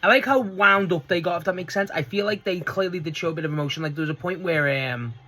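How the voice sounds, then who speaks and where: A man giving a casual, rambling solo review, excitable and swearing freely. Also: high voice, fast, faint music behind. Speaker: wrestling show reviewer.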